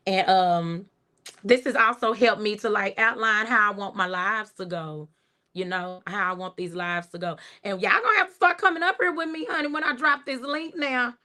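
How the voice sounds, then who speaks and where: A middle-aged woman with a Texas accent, chatting casually on her livestream, relaxed and soft-spoken, laughing as she reads viewer comments aloud. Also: mid-range voice, moderate pace. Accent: Texan. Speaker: livestream host.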